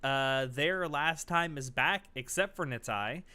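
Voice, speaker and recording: Bright-voiced man hosting a stream. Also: a little high, slow pace. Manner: upbeat, chatty, frequent fillers. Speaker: host. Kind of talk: casual stream intro.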